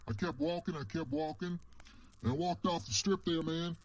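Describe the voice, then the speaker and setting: A man's voice: fairly high pitch, moderate pace, poor audio. A man telling a story casually in the first person, rambling and ending many phrases with "man".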